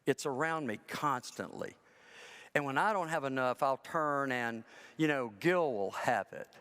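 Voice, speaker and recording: In a big church sanctuary with a long echo, a male pastor delivers a conversational sermon built on storytelling. His medium-pitched voice is expressive, clear, resonant and a touch bright, and his pace runs a little slow. He jokes at his own expense and plays the characters he describes.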